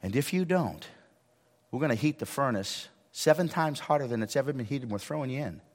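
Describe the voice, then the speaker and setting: A middle-aged pastor preaching a sermon, moving from hushed asides to shouted lines and acting out dialogue. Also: male voice, mid-range voice, lively intonation, fairly quick, long reverb tail.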